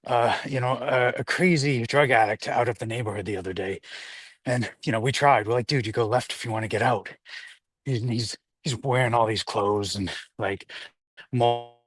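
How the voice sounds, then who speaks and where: Man, casual livestream host, rambling, slightly winded, walking outdoors, dry close sound, mid pitch. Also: fairly bright tone, no echo. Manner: chatty, rambling, reads viewer comments aloud. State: slightly out of breath. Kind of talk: casual livestream talk while walking a dog. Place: outdoors on a hillside street.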